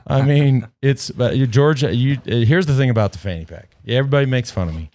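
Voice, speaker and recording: A man's voice: medium pitch, moderate pace, a little mellow. A man hosting a podcast in casual chat, rambling and joking with plenty of swearing, into a headset mic. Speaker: podcast host.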